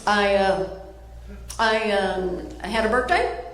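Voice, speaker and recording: A woman performing a stand-up comedy set, folksy and self-mocking, jumping up high on her punchlines. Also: slow. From Kentucky, US. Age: 50s. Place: comedy club stage before a live audience. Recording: roomy live venue with audience noise.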